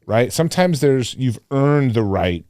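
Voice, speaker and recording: A man's voice: mid-range voice, animated, unhurried, dark tone. A man who is a lawyer, co-hosting a podcast and making firm, joking points. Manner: emphatic, makes firm points and jokes. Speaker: lawyer and co-host. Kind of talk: casual podcast chat.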